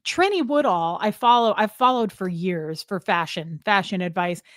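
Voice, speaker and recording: A woman's voice: medium pitch, lively intonation, moderate pace, no echo, studio quality. A woman hosting a casual livestream, rambling from topic to topic and greeting viewers by name. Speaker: livestream host. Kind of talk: casual live chat with viewers.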